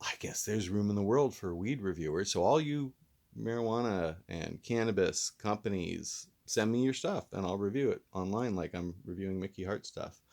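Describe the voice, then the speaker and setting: A man's voice: on the low side, normal speed, gravelly, a little mellow. A man hosting a casual vlog review who talks in a rambling, laid-back, self-deprecating way while mildly stoned. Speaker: host and reviewer.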